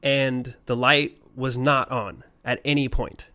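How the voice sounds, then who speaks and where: A man's voice: mid-range voice, little pitch movement, takes it slowly, bright, forceful tone, clean tone. A man co-hosting a casual podcast spins a long, rambling ghost story in an ordinary mid-range voice. His talk is loose and peppered with swearing. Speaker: podcast co-host.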